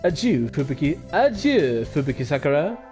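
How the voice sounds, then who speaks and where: A man voicing a pompous male pigeon, speaking slowly and theatrically with a failed attempt at a French accent. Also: high-pitched, big pitch swings, warm tone, faint music behind, voice pushed up. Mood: grandiose.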